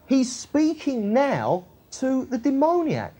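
Husky, warm-voiced woman teaching scripture. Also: high-pitched, huge pitch swings, slow, hardly any pauses. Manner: chatty and colloquial, with frequent tag questions. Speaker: Bible teacher. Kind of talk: Bible teaching, reading and explaining scripture.

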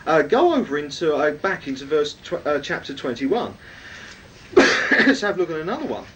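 A man's voice: big pitch swings, normal speed, fairly bright tone. A man preaching a sermon, teaching from the Bible and often asking his listeners questions. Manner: emphatic, rhetorical questions to listeners. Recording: distant mic, faint rumble.

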